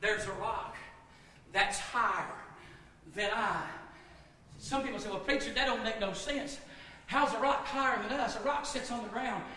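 A man preaching a sermon in a church, building to shouted fervor and calling to the congregation. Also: sits high, moderate pace, slight background noise. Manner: rising into shouted fervor, call-and-response. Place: church sanctuary. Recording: echoey hall, distant mic.

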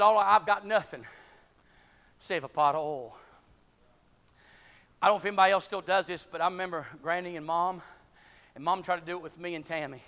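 Male preacher, high-pitched, fervent, shouting in bursts, church sermon.

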